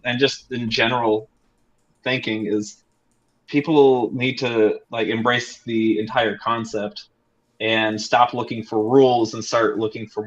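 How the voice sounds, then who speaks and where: A man's voice: mid-range voice, highs cut off. A man joining as a guest on a video call, talking hesitantly with many fillers. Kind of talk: casual video-call conversation.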